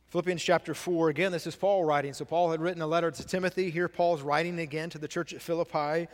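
A man's voice: fairly high pitch, fairly even intonation, quick pace, big-room sound. A male pastor giving a sermon, repeating key phrases and asking the congregation questions. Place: church sanctuary.

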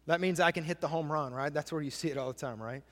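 Speaking fast in a large hall, a man with a higher-pitched voice preaches a sermon in a church sanctuary. As pastor, he repeats his key phrases and poses questions to the congregation.

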